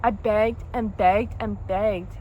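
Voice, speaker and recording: A woman's voice: medium pitch, fairly even intonation, takes it slowly, dark tone, dull audio, slight background noise. A young woman telling a personal breakup story in a casual, rambling, emotional way, full of "like" and "dude". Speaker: vlogger.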